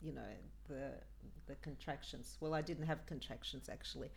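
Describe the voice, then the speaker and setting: A woman's voice: a bass voice, fairly even intonation, moderate pace, gravelly, a little hiss or hum. A middle-aged woman, a guest recounting a personal story in a podcast chat, earnest and acting out what people said. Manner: earnest, acts out quoted speech. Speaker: guest, mother of a host.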